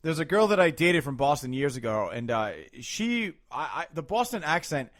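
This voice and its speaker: Man, Rhode Island accent, podcast host, casual chat, animated, swears a lot, slightly high voice. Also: moderate pace, dry recording, studio quality.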